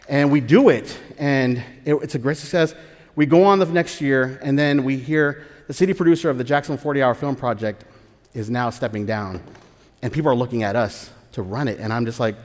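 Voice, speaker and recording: A man telling his own story live on a theater stage, animated and excitable, often laughing as he talks. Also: medium pitch, fairly quick. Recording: reverberant live theater hall.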